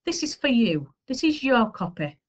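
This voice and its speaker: A woman voicing a kind female primary teacher who speaks gently and coaxingly in a read-aloud storybook. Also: on the high side, sing-song, moderate pace, lo-fi sound, pitched above the performer's own voice. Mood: gentle.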